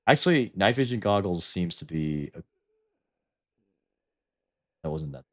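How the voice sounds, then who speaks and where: A man's voice: deep voice, lively intonation, unhurried. A Canadian man with a Canadian accent, streaming and chatting casually over a game, laughing often and swearing when startled. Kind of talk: casual gameplay commentary.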